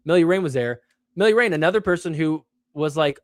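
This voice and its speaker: A man hosting a show, telling stories in a casual way with lots of "like", animated and poking fun at himself. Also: a little high, fairly quick, dry recording, studio quality. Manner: animated, self-mocking, heavy use of "like". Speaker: show host. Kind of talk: casual solo storytelling.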